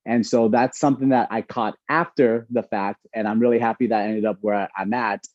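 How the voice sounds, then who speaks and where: A man, an incoming resident physician, telling stories in a casual, animated way with lots of fillers. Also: lowish voice, brisk, no echo, lo-fi sound. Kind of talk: casual storytelling talk.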